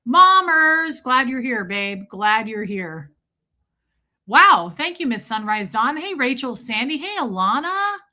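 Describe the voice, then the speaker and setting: Bright-voiced chatty woman streamer. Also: a little high, very animated, slow. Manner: chatty, teasing, greets people by name. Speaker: livestream host. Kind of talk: casual livestream chat greeting viewers.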